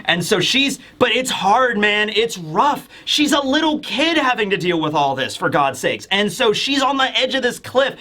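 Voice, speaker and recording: A man's voice: high-pitched, sing-song, normal speed, few pauses, sharp tone. A man hosting a casual chat, talking animatedly and loosely with mild swearing. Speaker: host, manga reviewer.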